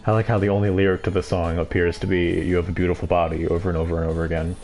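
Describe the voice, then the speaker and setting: A man's voice: deep voice, level tone, rapid-fire, a little mellow, faint music behind. A man streaming a game live, giving sarcastic, mocking commentary on what he sees.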